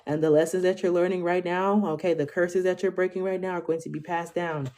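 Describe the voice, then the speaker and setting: A woman's voice: on the low side, steady tone, a little fast, darkish tone. A woman in her twenties giving a casual tarot reading to viewers, chatty, swearing freely and tagging most lines with "okay?". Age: 20s. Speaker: tarot reader.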